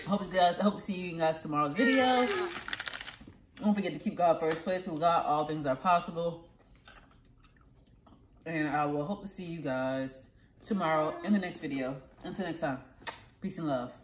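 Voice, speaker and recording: A woman vlogging a meal with her kids on a phone camera, chatting with her mouth full and gently scolding the children. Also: low voice, normal speed, pauses often. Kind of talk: casual chat while eating. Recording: echoey room, faint noise.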